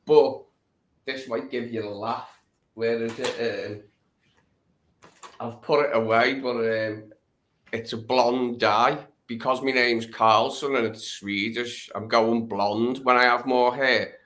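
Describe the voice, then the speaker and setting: A man's voice: medium pitch, steady tone, a little slow, a bit bright. A man with a Scouse accent, chatting casually and joking at his own expense, with fillers. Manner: chatty, self-mocking, with fillers. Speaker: guest. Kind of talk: casual chat.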